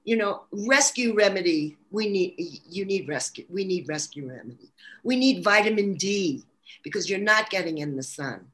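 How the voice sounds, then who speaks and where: A woman's voice: medium pitch, animated, normal speed, fairly bright tone. A woman from Brooklyn with a New York accent, talking earnestly about spirituality and health in a casual interview, with frequent restarts. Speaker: holistic practitioner guest.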